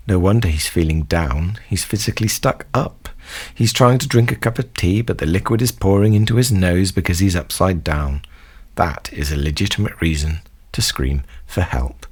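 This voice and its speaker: A man's voice: deep voice, moderate pace, a little mellow. A man delivering scripted, mock-serious comedic commentary as a host. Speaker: comedy song analysis host.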